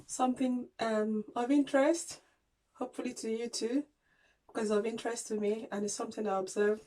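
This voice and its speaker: A woman's voice: a little high, a little mellow, poor audio. A woman vlogging to her channel, talking earnestly and encouragingly, with frequent ums and restarts. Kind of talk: casual talk to camera.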